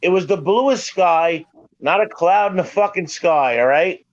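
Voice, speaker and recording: Man, middle-aged, casual storytelling, profane, emphatic, slightly high voice, dry dull lo-fi sound. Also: unhurried, dry recording. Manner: profane, emphatic, keeps swearing it is true.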